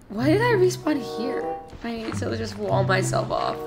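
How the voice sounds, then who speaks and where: A young woman chatting through a game stream, her voice high and swooping all over the place. She gets excitable, gasping and cursing at the game. Music plays clearly behind her. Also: slow, long pauses. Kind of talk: casual gaming stream chatter.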